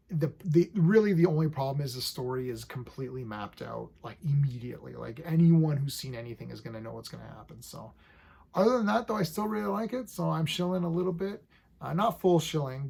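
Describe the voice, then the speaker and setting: A man in his forties giving a casual, enthusiastic review of a TV episode, full of fillers and quick acted-out bits of scenes. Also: mid-range voice, animated, gravelly, a little mellow, slightly rough. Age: 40s. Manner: chatty and enthusiastic, lots of fillers, acts out scenes.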